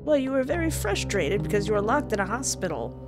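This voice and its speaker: A woman's voice: medium pitch, very animated, fairly quick. A woman hosting a game playthrough, commenting playfully with sing-song calls. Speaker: let's play host. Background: game music.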